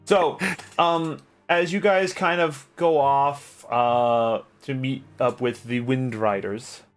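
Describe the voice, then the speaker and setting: A man serving as game master narrates a tabletop game haltingly, with many fillers and restarts. His voice is medium-pitched and smooth.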